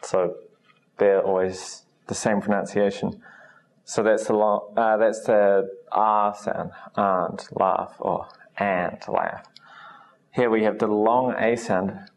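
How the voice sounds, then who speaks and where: A man teaching English pronunciation in a recorded lesson, saying each sound slowly and patiently. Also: fairly low pitch, a little mellow.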